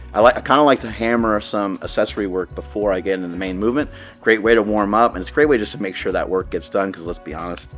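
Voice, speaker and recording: A middle-aged man, talking casually and candidly in a gym vlog, rambling and joking as he goes. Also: fairly low pitch. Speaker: vlogger training for a marathon.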